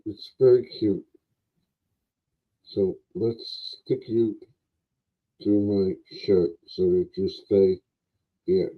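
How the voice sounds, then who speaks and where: A man with a lowish voice hosts a casual livestream, chatting slowly and easily. The audio is dull and lo-fi. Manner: unhurried, chatty, talks to a toy. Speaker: livestream host.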